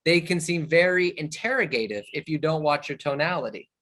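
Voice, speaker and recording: A man leading a virtual sales training over a video call, animated, shifting his tone and speed to show how questions land. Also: fairly high pitch, fairly quick.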